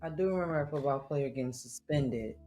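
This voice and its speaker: A man's voice: on the high side, fairly quick, dark tone, soft background music. A man co-hosting a casual chat, often chiming in to agree. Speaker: co-host.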